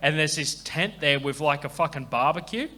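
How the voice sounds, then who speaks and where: Aussie host with a bright, edgy voice, a bit higher pitched, cracking crude jokes and launching into a story. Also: male voice, moderate pace. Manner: crude, joking banter and storytelling. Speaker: comedian podcast host. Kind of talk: live comedy podcast storytelling.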